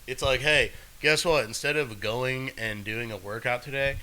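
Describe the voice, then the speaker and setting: A man's voice: medium pitch, normal speed, sharp tone, rough recording. A man co-hosting a podcast, rambling in a loose, profane, casual way with frequent laughs. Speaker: podcast co-host. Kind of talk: casual chat.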